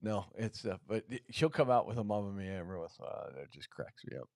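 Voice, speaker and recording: A man co-hosting a podcast in casual chat, playful and quick to laugh. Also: vocal fry, dry recording, studio quality. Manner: playful, laughs often, lively swings in pitch. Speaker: podcast co-host.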